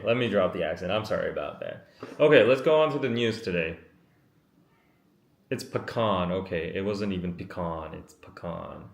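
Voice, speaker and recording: Tired, slow-talking man in an echoey room. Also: fairly low pitch. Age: 30s. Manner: apologetic, rambling and chatty. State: tired from a day in the heat. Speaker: live-stream podcast host. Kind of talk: casual live-stream chat, reading out viewer comments. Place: makeshift room away from his usual setup. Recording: roomy, echoey room sound.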